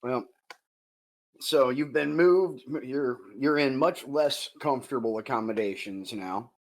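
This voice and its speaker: A man narrating as game master of a tabletop game, descriptive and unhurried, with frequent fillers. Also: medium pitch, rough recording.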